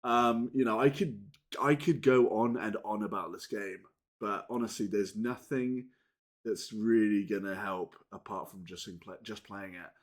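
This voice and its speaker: A man hosting a gaming channel, chatting casually and unscripted to his viewers, rambling with frequent restarts and casual swearing, swinging between loud and muttered. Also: on the low side, steady tone, unhurried. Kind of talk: casual unscripted chat to camera.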